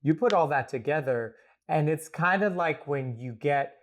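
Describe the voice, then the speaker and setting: A man's voice: on the high side, expressive, normal speed. A man, a guest astrologer, talking playfully in a rambling, casual podcast chat recorded at home. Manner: playful, rambling, laughs often.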